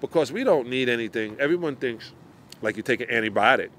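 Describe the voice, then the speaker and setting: A middle-aged man in casual podcast chat, animated and quick to act out the people in his stories. His voice sits at an ordinary pitch, with a faint hiss behind it. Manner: animated storyteller, acts out quotes. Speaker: podcast guest.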